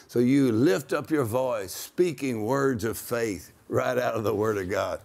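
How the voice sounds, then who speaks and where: A man preaching in a conversational way, emphatic, slowing down to quote scripture and laughing now and then. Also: medium pitch.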